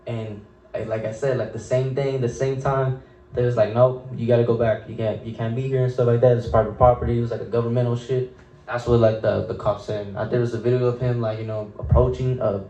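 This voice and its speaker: A young man hosts a casual podcast and rambles through his stories in loose slang, restarting his sentences. His voice is dark and mellow. He sits back from the mic in a roomy, echoing space. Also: mid-range voice, recorded from a distance. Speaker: podcast host.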